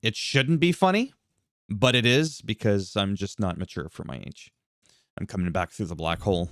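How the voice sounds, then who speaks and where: A man casually commentating a wrestling video game, reacting loudly, laughing often and swearing freely. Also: fairly low pitch, expressive, moderate pace, no room sound, studio quality. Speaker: gameplay commentator.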